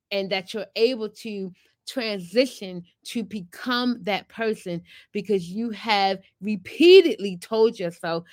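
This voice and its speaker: A woman's voice: mid-range voice, dry recording, clean studio sound. A woman hosting a motivational podcast, coaching listeners in a chatty, encouraging way and calling them honey and girlfriend. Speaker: podcast host and weight-loss coach.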